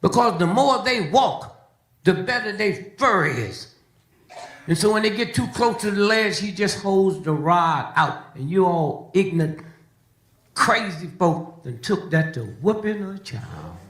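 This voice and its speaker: A man's voice: high-pitched, big pitch swings, a little slow, a bit bright, reverberant. A man giving comedic preaching in a folksy, teasing way.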